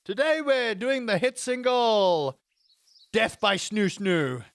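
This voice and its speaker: A man voicing a hammy male singer greeting his concert crowd in a slow, bombastic, drawn-out delivery. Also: high-pitched, expressive, no echo, voice pushed up, heavily acted.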